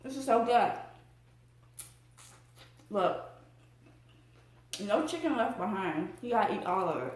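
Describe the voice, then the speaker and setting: A woman hosting a casual eating vlog who talks in a bubbly, excited way between bites. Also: mid-range voice, takes it slowly, long pauses. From Tampa, Florida area. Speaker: mukbang vlogger. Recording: echoey room.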